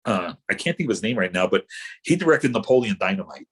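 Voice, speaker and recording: A man's voice: fairly low pitch, very animated, fast, husky. A middle-aged man, an actor guest, telling rambling anecdotes in casual chat with many fillers and restarts.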